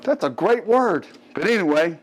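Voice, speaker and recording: A man's voice: high voice, expressive, normal speed, breathy edge. A middle-aged man with a Southern American accent, hosting a fitness show and chatting casually about a product with joking asides. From Gulf Coast of the US. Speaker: host.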